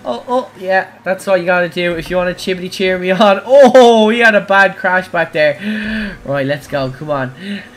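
A man, streaming a racing game live and talking to chat, excitable and crying out at crashes. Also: high-pitched, moderate pace. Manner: excitable, cries out at crashes and wins. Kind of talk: live gameplay commentary.

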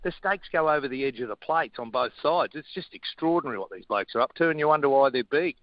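Wry Australian guest on a dull line. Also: male voice, mid-range voice, expressive, fast, no echo. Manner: wry, dry humour. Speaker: radio guest, breakfast host. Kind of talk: casual radio banter.

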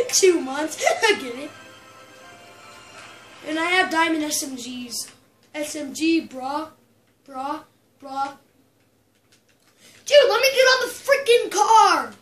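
Bright high-voiced girl gaming at home, yells a lot, talks slow. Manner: excitable, bursts into shrieks and yells. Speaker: gameplay commentator. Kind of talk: casual gameplay commentary. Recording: roomy echo, faint music.

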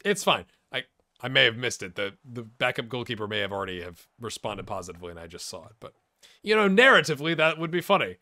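A man doing let's play commentary for viewers, with excitable play-by-play that swings from loud outbursts to quiet muttering, and jokes along the way. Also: medium pitch, fast talker. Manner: jokey, talks to viewers. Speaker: gaming YouTuber.

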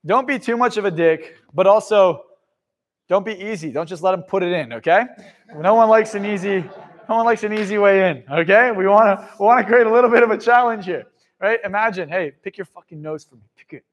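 A man with a high voice works a seminar crowd, blunt and full of swearing. He shifts between shouted bursts and quiet, confiding remarks as he drives his points home. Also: fairly quick. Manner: blunt, profane, swings from loud to hushed. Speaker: motivational speaker. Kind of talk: live motivational seminar talk.

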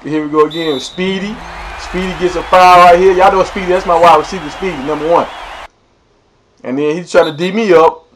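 A man's voice: high voice, a little fast, a little hiss or hum. A young man giving casual, slangy, playful commentary over his own gameplay, hyping up the plays. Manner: animated, slangy, playful hype.

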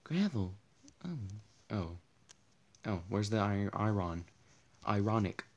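A young gaming channel host with a lowish voice does casual Let's Play commentary, sounding tired and partly losing his voice. He's very animated but takes it slowly, rambling, easily startled, and joking at himself. The sound quality is lo-fi.

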